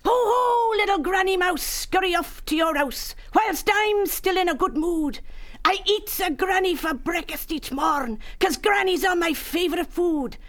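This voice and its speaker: Blustering pantomime sea rat, high and rough. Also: male voice, unhurried, fairly bright tone. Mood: mocking. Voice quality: rough, growly pirate talk. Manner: boastful, theatrical declaiming. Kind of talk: storybook narration.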